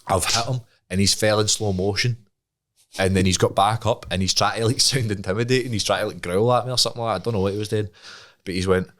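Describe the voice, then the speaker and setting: A man's voice: fairly low pitch, quick pace. A young Scottish man, a podcast co-host, telling a story in casual chat and acting out the voices of the people in it. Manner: animated, laughing, acts out voices in his stories.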